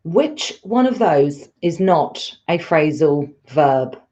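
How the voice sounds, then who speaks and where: A woman's voice: sits low, sing-song, slow pace, warm tone, highs cut off. A woman teaching a live online English lesson, patient and encouraging as she explains step by step.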